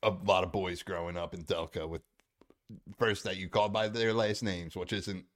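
A man's voice: deep voice, steady tone, normal speed. A young man, chatting casually in a laid-back way and often mimicking people. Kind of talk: casual chat.

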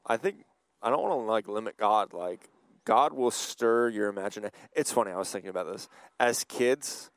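A man's voice: on the low side, expressive, moderate pace, no echo. A man hosting a youth church podcast in casual chat, laughing often and trailing off mid-thought. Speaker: youth pastor and podcast host.

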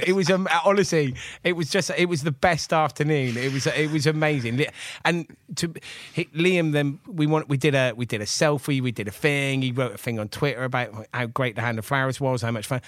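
A man in his forties from England, an animated chef rambling through stories as a podcast guest, with lots of fillers and laughs. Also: on the high side, fairly quick, few pauses, no room sound. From Gloucester, England. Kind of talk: casual storytelling chat.

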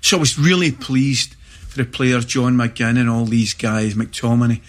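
A middle-aged man with a Scottish accent, a guest telling lively football and film stories in casual chat. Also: medium pitch, unhurried. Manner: animated anecdotes with laughter and acted-out shouts.

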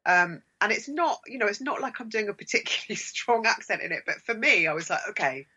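An actor with a London accent, chatting as an interview guest in a lively, emphatic way, repeating words for stress. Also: medium pitch, brisk, slightly rough, highs cut off. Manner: animated, emphatic repetitions. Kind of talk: casual interview chat.

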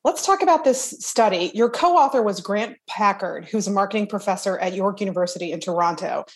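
A woman hosts a podcast. She reads a scripted introduction and asks interview questions in a clear, even, measured tone. Her voice sits at a mid pitch. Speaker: podcast host.

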